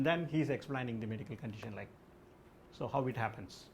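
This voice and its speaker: A man's voice: medium pitch, a little fast, vocal fry, slight background noise. A man teaching an English test class, explaining answers with lots of "like" and "okay". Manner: addresses a class with questions. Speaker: language test trainer. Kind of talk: live classroom lesson.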